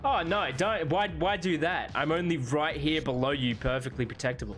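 A man casually chatting with friends while playing a co-op zombie game, excitable and jokey, yelping when things go wrong. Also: normal speed. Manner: excitable, yelps high when in danger; laughs often, jokey. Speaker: gamer streaming co-op with friends. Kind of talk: casual gaming chat.

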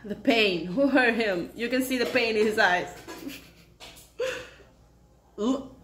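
A woman's voice: fairly high pitch, slow pace, fairly bright tone. A woman hosting a reaction video, gushing and giggling as she comments casually. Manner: giggly, gushing fan commentary with frequent laughter. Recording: roomy echo, faint music behind.

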